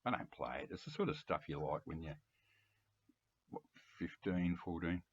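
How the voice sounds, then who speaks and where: Older Australian bloke in his seventies, low husky voice, rambling chatty vlog, dull lo-fi sound. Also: lively intonation, moderate pace. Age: 70s. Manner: chatty, rambling, chuckling, frequent throat-clearing. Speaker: music collector video host. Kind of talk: casual rambling monologue to camera.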